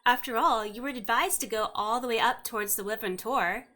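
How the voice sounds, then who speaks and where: A woman's voice: a little high, a little fast, sharp tone, slight background noise. A woman narrating a tabletop game as game master, with wry asides to the players.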